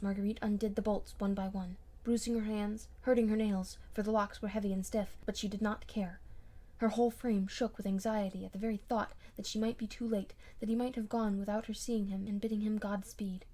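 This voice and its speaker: A woman narrating a classic novel for an audiobook, in a measured, expressive storytelling manner with dramatic emphasis. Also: medium pitch. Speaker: audiobook reader.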